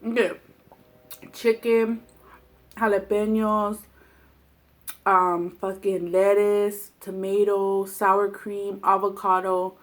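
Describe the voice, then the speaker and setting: A woman's voice: medium pitch, little pitch movement, slow, pauses often. Brief: woman, 20s, casual vlogger, profane and heated storyteller. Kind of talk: casual storytelling while eating.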